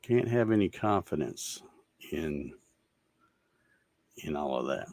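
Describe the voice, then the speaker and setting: A man's voice: extremely low pitch, sing-song, slow, gravelly, a little mellow, dry recording. A man hosting a casual livestream, ranting in a fed-up, sarcastic way and laughing at viewer comments. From Georgia, USA. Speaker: show host reading viewer comments.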